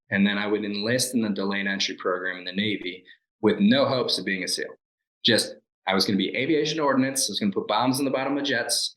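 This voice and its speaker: A man's voice: on the low side, echoey room, poor audio. A man in his forties, a guest and former Navy SEAL, telling his life story in an interview and acting out the lines people said to him. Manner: animated storyteller who acts out quoted lines and laughs at himself.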